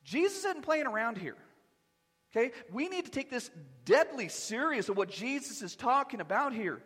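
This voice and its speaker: A man preaching a sermon as pastor, animated and conversational with touches of humor. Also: very high voice, normal speed, breathy edge, big-room sound. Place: church sanctuary.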